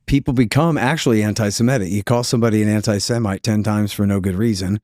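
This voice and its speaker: A man from the United States, a podcast guest, talking in an animated way and acting out the people he quotes. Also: lowish voice, fast talker, dry recording, studio quality. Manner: animated storyteller, acts out quoted voices. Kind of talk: conversational interview.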